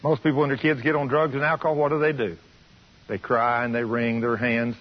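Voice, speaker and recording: Husky fervent radio preacher. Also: male voice, mid-range voice, level tone, fairly quick. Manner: fervent, folksy storytelling. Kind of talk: radio sermon. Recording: muffled radio broadcast.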